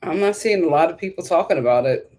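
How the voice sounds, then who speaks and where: Chatty woman hosting a live review stream. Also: fast. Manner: animated, jumps to high squeals of surprise; laughs often, opinionated and chatty. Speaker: live stream host reviewing a reality show. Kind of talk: casual live chat reading viewer comments. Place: home in a hot city.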